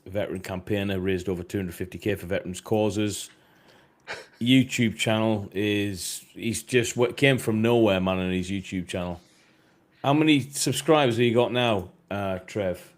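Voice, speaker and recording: A man with a British accent hosts a live podcast stream and reads the chat, talking in a hesitant, easygoing way packed with fillers. His voice is lowish and his pace moderate.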